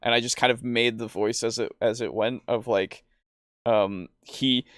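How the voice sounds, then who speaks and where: Male podcast co-host, smooth and dry, rambling casual delivery. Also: mid-range voice, steady tone, normal speed, a bit bright, no echo. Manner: rambling, with fillers and restarts, laughs often. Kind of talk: casual chat.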